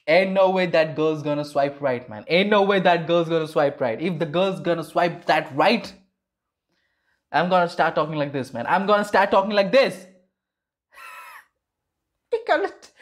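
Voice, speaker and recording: Animated man reacting with disbelief. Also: high-pitched. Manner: exclamatory, repeats phrases, laughs in disbelief. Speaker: reaction video host. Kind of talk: casual reaction commentary.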